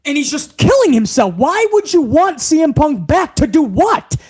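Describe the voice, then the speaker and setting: A man hosting a live wrestling commentary stream, ranting in an exasperated, profane, animated way. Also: very high-pitched, moderate pace.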